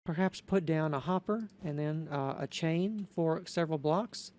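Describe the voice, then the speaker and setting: A man talking through a building tutorial in an unscripted voice-over, methodical and halting, often correcting himself. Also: fairly high pitch, a little mellow.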